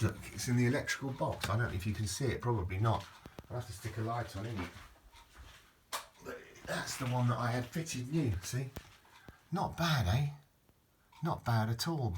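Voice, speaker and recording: He has a mid-range voice and a moderate pace, casually reviewing an old repair book while paging through it. His talk rambles and his sentences restart, and the home recording is noisy.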